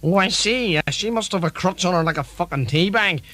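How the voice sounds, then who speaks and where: Brash high-voiced host. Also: male voice, expressive, brisk, a bit bright. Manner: brash, sweary, exasperated. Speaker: spoof talk show host. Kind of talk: comedy sketch.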